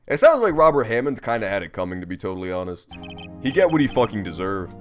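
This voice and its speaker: A man's voice: on the low side, sing-song, quick pace. A young man streaming a game, chatting casually in a profane, rambling, amused way. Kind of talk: casual gameplay commentary. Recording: faint game music behind.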